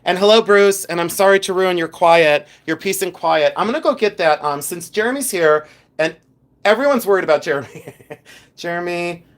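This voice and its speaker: A man's voice: high-pitched, normal speed. A chatty man hosting a live jewelry stream from his second house, reading viewer comments aloud and teasing people with lots of giggles.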